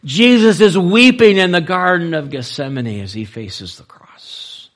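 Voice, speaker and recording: A male preacher delivering a sermon, moving between loud, emphatic lines and soft, low-voiced passages. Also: animated, unhurried.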